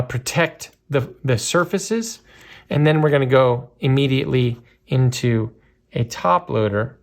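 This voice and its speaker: A man giving casual, chatty commentary while opening a box of trading cards, with lots of fillers and bursts of excitement. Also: medium pitch, creaky. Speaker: card breaker.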